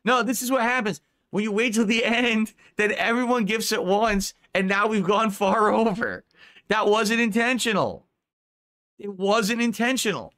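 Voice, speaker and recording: A man's voice: high-pitched, a little slow, fairly bright tone. A male streamer on a live stream, earnestly thanking his viewers for tips as he wraps up. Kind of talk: live stream sign-off talk.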